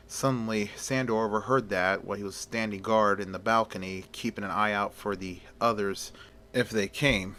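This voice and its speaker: A man's voice: on the low side, fairly even intonation, normal speed, pushed and bright, a little hiss or hum. A man casually retelling a film story as a storyteller, chatty and plain, opening many sentences with "well".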